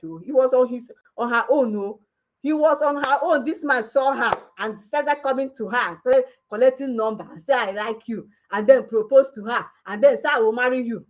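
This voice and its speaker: A Nigerian-accented woman vlogger rants with emphatic, scolding force. Her voice sits rather high, and she drops into pidgin and local phrases as she talks. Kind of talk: ranting commentary.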